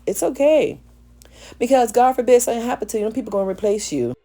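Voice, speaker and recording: A woman hair stylist with a gravelly morning voice, chatting playfully to viewers in a salon vlog. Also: mid-range voice, animated, fairly quick, mellow. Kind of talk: casual voice-over vlog chat. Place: salon suite.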